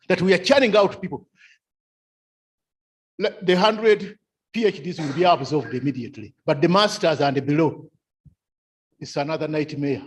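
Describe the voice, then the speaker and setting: A man's voice: fairly high pitch, normal speed, pauses often, breathy edge. A man giving a seminar lecture, repeating key phrases and asking rhetorical questions. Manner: repetitive, rhetorical questions, chuckles often. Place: seminar room.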